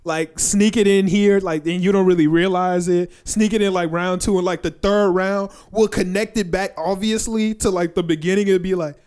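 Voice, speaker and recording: A man's voice: high voice, brisk, hardly any pauses, darkish tone, smooth. A young man hosting a casual podcast chat, telling loose, profane stories full of fillers. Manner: loose, profane storytelling with lots of "like". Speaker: podcast host.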